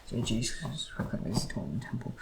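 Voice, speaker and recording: A man reading scripture aloud at a quick pace, stumbling and restarting now and then. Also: medium pitch, sing-song, vocal fry, noisy background. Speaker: Bible reader.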